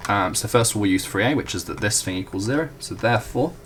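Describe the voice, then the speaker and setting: This young adult tutor goes over a math proof at a whiteboard in a chatty way, apologizing and correcting himself as he works. His voice is on the low side and fairly bright, delivered fast, with a little hiss or hum.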